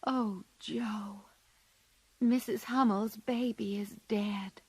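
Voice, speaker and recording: A woman voicing a shy, gentle young girl who speaks softly. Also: on the high side, steady tone, a little slow, dry recording. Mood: quiet.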